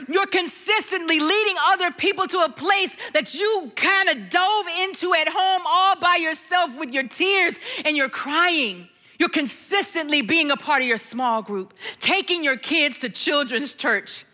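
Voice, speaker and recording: A middle-aged woman giving a personal testimony sermon, telling her story and slowing to a hush for sung lines. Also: high voice, expressive. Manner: storytelling, softens to a hush and sings lyrics slowly. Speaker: worship speaker.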